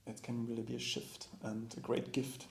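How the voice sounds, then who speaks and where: A man's voice: mid-range voice, completely flat delivery, moderate pace, creaky, roomy sound. A man, a yoga teacher and co-host, talking in a reflective, hesitant way with many restarts in casual conversation.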